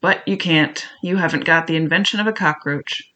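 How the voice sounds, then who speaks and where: A cunning old pirate cook, voiced by a man reading aloud, coaxing one moment and threatening the next. His rough sailor grammar comes out in a bright, forceful tone. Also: on the high side, brisk. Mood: menacing. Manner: wheedling then bullying, rough sailor talk. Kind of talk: audiobook character voice.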